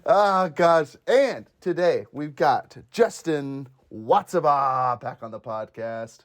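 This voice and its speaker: A man's voice: a little high, animated, takes it slowly. A young man hosting a podcast, chatting casually and laughing often as he quotes movie lines. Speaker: podcast host. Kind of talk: casual chat.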